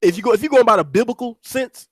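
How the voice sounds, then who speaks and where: A man's voice: extremely high pitch, animated, racing, breathy edge, dry recording. Rambling profane man with a dry sound. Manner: rambling, profane, many restarts. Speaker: radio show host. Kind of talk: casual storytelling chat.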